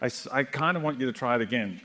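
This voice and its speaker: A middle-aged Australian man giving a joking, animated keynote talk to a live audience in a large hall. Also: mid-range voice, quick pace. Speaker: conference speaker.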